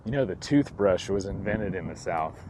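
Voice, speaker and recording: A hoarse-voiced man hosts a relaxed chat on a hike and cracks dry jokes between questions. His pitch swings around a lot as he talks, and a faint outdoor hum sits under his voice. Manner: joking, asks quick questions. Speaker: host. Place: outdoors by a river.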